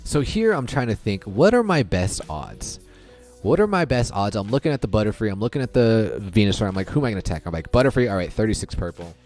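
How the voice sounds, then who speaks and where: Very animated and fast, a low-voiced gaming video creator narrates his recorded play with faint music underneath. The commentary is casual and chatty, thought through out loud, with frequent restarts and "I'm like" retellings.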